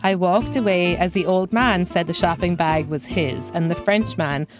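A woman comedian tells a comic story about herself in a dry, self-mocking tone. Her voice sits a little low. Faint music plays under her. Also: normal speed. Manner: dry, self-deprecating delivery. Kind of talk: first-person comic storytelling.

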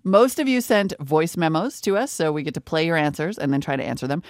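A woman co-hosting a chat podcast, upbeat and chatty with quick asides and playful sound effects. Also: low voice, no room sound, clean studio sound. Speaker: podcast co-host. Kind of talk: casual chat.

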